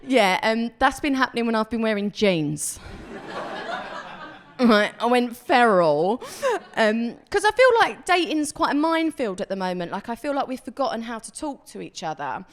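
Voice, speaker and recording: A woman's voice: a little high, very animated, fairly quick. Chatty woman doing stand-up. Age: 30s. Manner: chatty, self-deprecating, acts out quoted voices. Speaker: stand-up comedian. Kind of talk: stand-up comedy set. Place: comedy club stage.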